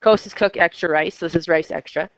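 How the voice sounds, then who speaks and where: A woman's voice: on the low side, a little fast, dry recording, muffled recording. A woman teaching a math class, chatty and coaxing her students with questions. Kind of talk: classroom lecture.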